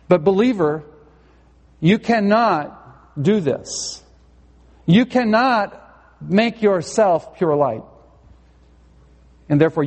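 A man's voice: high-pitched, a little mellow. A male pastor preaching a sermon in a church sanctuary, earnest and conversational, with a touch of storytelling humor. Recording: long hall reverb.

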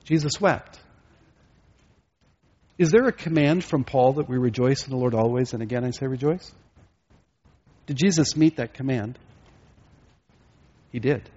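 A man's voice: medium pitch, darkish tone, slightly rough, lo-fi sound. A male pastor preaching a sermon, asking his listeners rhetorical questions.

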